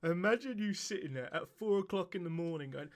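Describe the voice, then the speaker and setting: A man's voice: high-pitched, animated, brisk. Sweary laughing man reacting. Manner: swearing, laughing, doing silly voices. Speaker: reaction video host. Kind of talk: casual reaction commentary.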